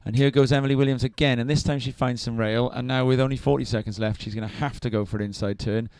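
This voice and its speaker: A man doing live surf contest commentary, chatty and quick to react, often turning questions to his co-host. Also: mid-range voice, steady tone, a little mellow, clean tone, dry recording.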